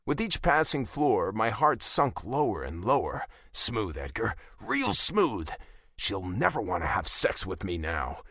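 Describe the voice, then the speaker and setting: Brief: male first-person romance narrator, lively pitch, close dry studio sound. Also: a little slow, no echo. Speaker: audiobook narrator.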